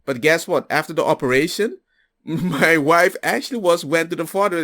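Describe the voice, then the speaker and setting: A man's voice: fairly high pitch, normal speed. A man in a casual monologue, telling personal stories and acting out what others said. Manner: animated storyteller, acts out others' lines. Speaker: commentator.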